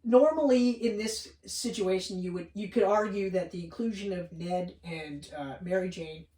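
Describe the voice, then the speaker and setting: Excitable, foul-mouthed man in a roomy room. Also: sits high, normal speed. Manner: excited, profane, acts out scenes in quoted voices. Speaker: podcast co-host. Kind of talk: casual movie review chat. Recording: roomy room, far from mic.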